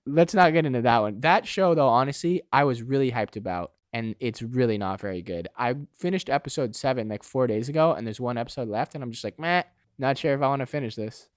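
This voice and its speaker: A man's voice: medium pitch, fairly quick, few pauses, no echo, clean studio sound. A young man co-hosting a podcast, talking in a loose, casual way and saying "dude" and "like" often. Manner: laid-back, says "dude" and "like" a lot. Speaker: podcast co-host. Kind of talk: casual chat.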